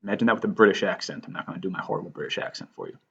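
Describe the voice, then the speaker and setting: A man's voice: low voice, very fast, creaky, a bit bright, breathy edge, highs cut off. A man hosting a writing lesson over slides, casual and self-deprecating. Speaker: writing teacher and host.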